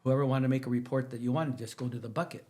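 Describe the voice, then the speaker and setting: A man, a teacher guesting on a podcast, telling stories in an animated, rambling way that jumps from one topic to the next. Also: rapid-fire. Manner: animated, rambling, jumps between stories, emphatic pitch rises. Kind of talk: casual storytelling interview.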